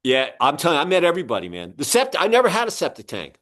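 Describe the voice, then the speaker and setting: A man hosting an interview, chatting casually and telling animated stories. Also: a little high, rapid-fire. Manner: animated storyteller, acts out other people's voices. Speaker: podcast host and publisher.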